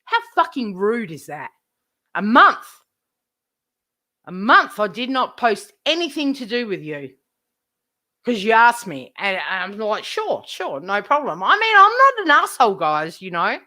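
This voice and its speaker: A woman's voice: on the high side, very animated, measured pace, pauses often, pushed and bright. A woman live streamer ranting to her chat, indignant, swearing heavily and repeating herself.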